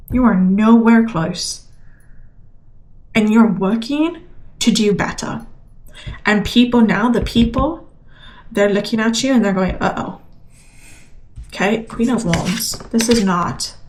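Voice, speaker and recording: A woman delivers a collective tarot reading straight to her listeners. Her voice sits at an ordinary middle pitch, and she talks in an encouraging, emphatic way. She often repeats a phrase to drive it home. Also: a little mellow. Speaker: tarot reader.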